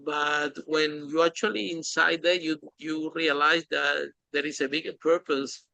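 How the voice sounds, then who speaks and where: A man hosting a podcast interview, talking in an animated, emphatic way with phrasing. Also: on the high side, a little slow, vocal fry, no echo, low-quality recording. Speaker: podcast host. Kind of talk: casual interview chat.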